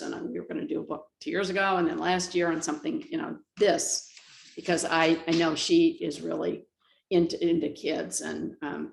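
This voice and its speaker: A middle-aged woman tells personal stories in a rambling, animated way and laughs often. Her voice is low and gravelly. The recording has a roomy echo. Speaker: guest. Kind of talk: casual storytelling.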